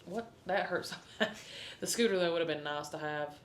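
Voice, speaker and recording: Chatty woman podcast co-host. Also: brisk. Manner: chatty, storytelling with laughs. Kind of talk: casual chat. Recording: echoey room, faint rumble.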